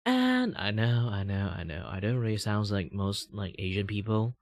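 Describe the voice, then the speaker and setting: Malaysian streamer-host, low voice, very animated, dry close sound. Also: male voice, moderate pace, dry recording. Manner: animated, laughs often, jumps into high exclamations. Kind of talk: casual livestream chat.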